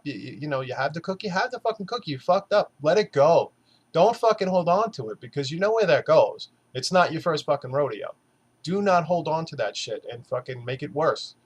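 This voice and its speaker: A man recording a casual motivational vlog, blunt and earnest, swearing often as he urges viewers to go easy on themselves. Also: on the high side. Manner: blunt, heavy swearing, earnest pep talk. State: three months after surgery. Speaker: weight-loss vlogger.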